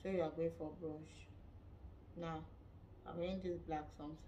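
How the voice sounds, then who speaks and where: A woman with a Nigerian accent giving a lively, dramatic gossip review of a reality show, laughing often. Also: low voice, moderate pace, recorded from a distance, a little hiss or hum. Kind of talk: casual gossip commentary.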